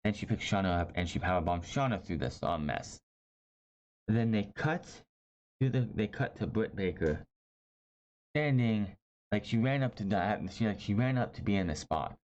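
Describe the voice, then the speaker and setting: A man's voice: lowish voice, lively intonation, moderate pace, darkish tone. A man giving a casual, opinionated recap of a wrestling show, blunt and rambling, often correcting himself mid-sentence. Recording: slightly dull lo-fi audio with faint hiss.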